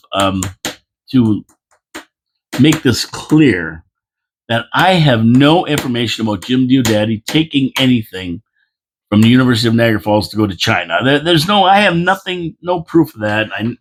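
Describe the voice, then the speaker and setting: A man's voice: medium pitch, a bit bright, slight background noise. A man hosting a casual opinion monologue, rambling and repeating himself with folksy asides, sounding tired. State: tired, yawning. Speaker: local commentary host.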